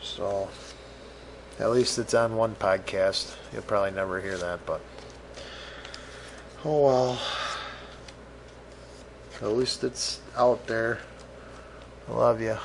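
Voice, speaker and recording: A man's voice: lowish voice, takes it slowly, creaky, long pauses, a little hiss or hum. Middle-aged guy doing a solo podcast, swears a lot, pokes fun at himself, takes his time. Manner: rambling, profane, self-mocking. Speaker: podcast host. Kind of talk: casual solo podcast chat.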